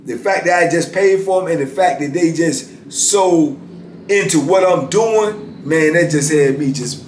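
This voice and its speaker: A middle-aged man spins a story in loose, colloquial talk, now and then slipping into the voices of the people in it. His voice sits a touch high for a man. The sound carries a roomy echo. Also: a little slow, a little hiss or hum. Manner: animated, colloquial, acts out others' lines. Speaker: former prisoner telling his story. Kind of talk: casual storytelling.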